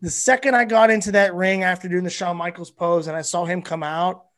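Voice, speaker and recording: Male comedian guest, high-pitched voice, animated and foul-mouthed storyteller. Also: brisk. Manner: animated, profane, rambling. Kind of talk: casual storytelling.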